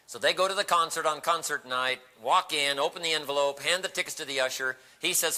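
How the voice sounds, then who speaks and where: A man delivers a motivational seminar talk with a piercingly bright tone. He tells stories with animation and slips into the voices of the people in them. The recording carries a long hall reverb. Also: fairly high pitch, fast talker. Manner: animated storytelling, acting out quoted voices. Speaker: motivational speaker. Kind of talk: seminar storytelling speech.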